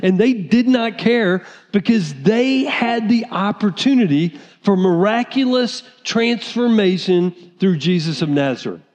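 A man preaching a sermon as pastor, animated, sometimes acting out the voices of people in the story. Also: high-pitched. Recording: reverberant hall.

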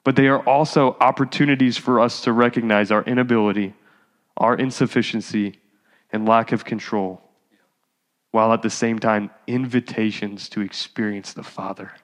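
In a hall with noticeable reverb, a pastor with a fairly low voice preaches at a moderate pace and steady tone. He begins conversationally and climbs toward fervent exhortation.

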